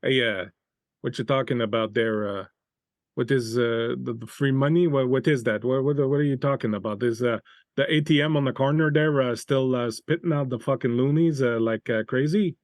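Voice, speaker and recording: A man voicing a gruff male street thug with a thick French accent, hesitant and full of uhs. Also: medium pitch, normal speed, no room sound, studio quality, lightly acted. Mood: puzzled.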